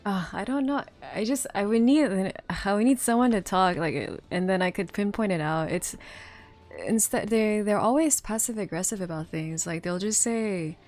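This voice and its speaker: A woman streamer with a darkish, mid-range voice talks casually to viewers at a moderate pace. Her speech rambles with lots of fillers and restarts and frequent laughter, and faint music runs in the background.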